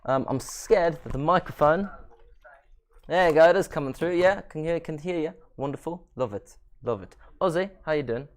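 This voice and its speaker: A man's voice: a little high, moderate pace. A man with a South African accent hosting a casual gaming stream, rambling and self-mocking. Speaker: stream host.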